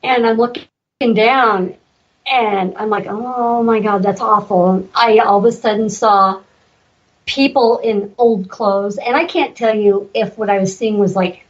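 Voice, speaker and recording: A woman's voice: mid-range voice, a little slow. A woman from Oregon telling a story in casual podcast chat, acting out what people said to her. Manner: animated storyteller who acts out quoted dialogue. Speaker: podcast host and medium. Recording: distant, dull lo-fi podcast audio.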